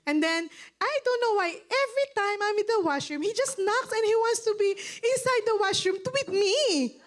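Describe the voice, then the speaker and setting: A middle-aged Filipino woman pastor tells a sermon story with a high, bright voice. She preaches playfully, laughing often as she goes, with a chatty, personal manner. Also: animated, moderate pace.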